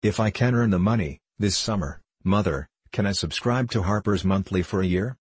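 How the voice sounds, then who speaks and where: A man's voice: low-pitched, moderate pace, husky, no echo. A man reading the part of an eager, bookish twelve-year-old boy in a storybook. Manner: eager, impatient.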